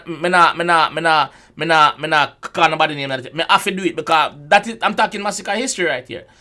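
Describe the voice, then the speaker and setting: Jamaican male reaction host: casual, excitable commentary, stop-start delivery, sharp bright tone. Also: medium pitch. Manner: excitable, repeats words and restarts often.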